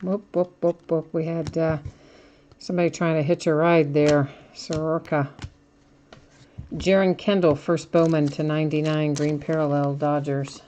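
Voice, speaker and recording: Opening packs on a live stream, a woman chats casually, laughs at herself and calls out every card she pulls. She speaks at a normal speed in a low, warm voice with a flat delivery, and there's slight background noise.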